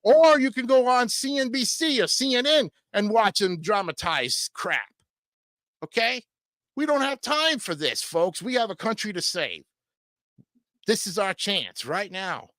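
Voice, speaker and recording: A man's voice: high-pitched, animated, a little slow, a bit bright, dry recording, studio quality. A man hosting a livestream show, delivering combative, crude political commentary and repeatedly asking his audience "okay?".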